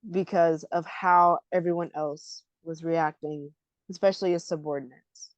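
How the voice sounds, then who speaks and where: A woman co-hosting a podcast, chatting about an anime in an animated, emotional way that often breaks into laughter. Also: deep voice, moderate pace, no echo. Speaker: podcast co-host. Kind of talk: casual anime discussion.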